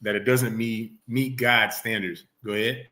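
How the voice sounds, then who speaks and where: A man teaches a religious class, quizzing his students and drawing answers out of them. He repeats himself often and reads scripture slowly and deliberately, in a fairly low, fairly even voice with a sharp tone.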